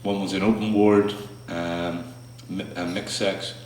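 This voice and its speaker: A man performing his spoken word poetry to a small audience, slow and halting between pieces, with fillers and restarts. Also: low voice, little pitch movement, darkish tone, slight background noise. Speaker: poet performing his work. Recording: echoey room, mic far off.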